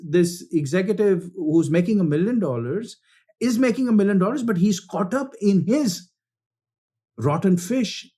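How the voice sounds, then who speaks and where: A spiritual speaker telling a parable in an animated way, often repeating words and calling listeners friends. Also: male voice, sits high, husky. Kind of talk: storytelling talk.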